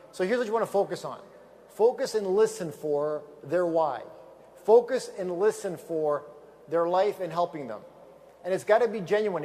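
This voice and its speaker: A man with a high-pitched voice delivers an energetic motivational speech at a sales event, speaking emphatically and repetitively into a stage microphone while telling stories.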